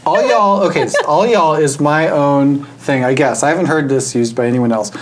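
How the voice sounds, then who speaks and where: A man, a guest who does energy work, talking earnestly and reflectively in a relaxed conversation and slowing down to stress his points. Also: fairly high pitch, poor audio. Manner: earnest, reflective, slows down for emphasis. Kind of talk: casual spiritual conversation.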